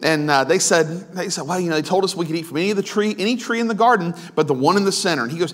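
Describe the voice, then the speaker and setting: A man's voice: fairly high pitch, quick pace, a bit bright. A male pastor giving a conversational sermon, full of asides, restarts and questions to the congregation.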